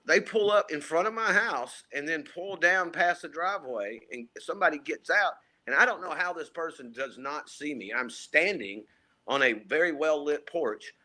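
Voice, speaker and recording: A man co-hosting a podcast from home, telling a casual story, animated and full of fillers, acting out what people said. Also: a little high, normal speed. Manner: animated, acts out quotes, frequent fillers. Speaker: podcast co-host. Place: home, remote call.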